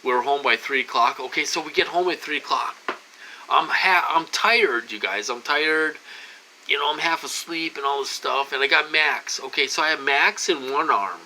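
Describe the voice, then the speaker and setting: Rambling man in his forties, bright voice. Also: a little high, normal speed, slight background noise, low-quality recording. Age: 40s. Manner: rambling, restarts, addresses viewers as "you guys"; gets loud and agitated when retelling a confrontation. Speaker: vlogger. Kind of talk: casual rambling vlog monologue.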